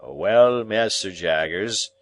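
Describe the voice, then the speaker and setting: A man voicing a sniffling, slow-talking hired go-between with a stuffy head-cold voice and clipped, dropped consonants, in an audiobook. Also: sits low, lively intonation, a little hiss or hum. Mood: wheedling. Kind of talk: audiobook character reading.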